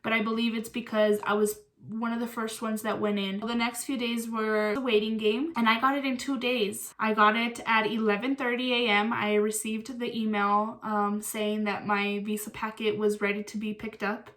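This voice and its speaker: A woman's voice: on the high side, little pitch movement, moderate pace, hardly any pauses, fairly bright tone. A young woman from Mexico, casually telling a story to the camera and acting out quoted lines. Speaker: vlogger.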